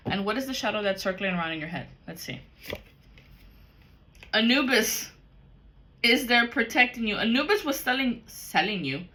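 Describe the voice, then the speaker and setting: A woman's voice: medium pitch, pushed and bright. A woman giving a casual spiritual tarot reading, blunt and profane, talking straight to the viewer. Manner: talks directly to the viewer. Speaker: tarot card reader.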